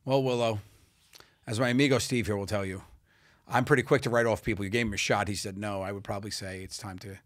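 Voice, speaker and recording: A man's voice: lowish voice, steady tone, fast, dry recording, studio quality. A man co-hosting a comedy podcast, chatting casually, joking and laughing often as he repeats himself. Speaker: podcast co-host.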